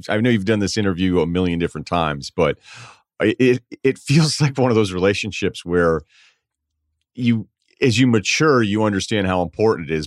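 A male podcast host asking quick, probing questions in a casual interview. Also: on the low side, dry recording, clean studio sound.

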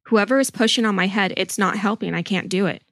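A woman's voice: medium pitch, a little fast, a bit bright, no room sound, clean studio sound, close to an everyday voice. A woman voicing a terrified ten-year-old girl as she reads a transcript aloud, pleading and panicked. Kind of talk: dramatic transcript reading.

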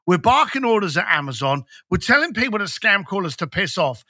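A man's voice: high voice, sing-song, brisk, sharp tone, no echo, clean studio sound. A man, a business coach talking bluntly and emphatically as a podcast guest. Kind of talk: podcast conversation.

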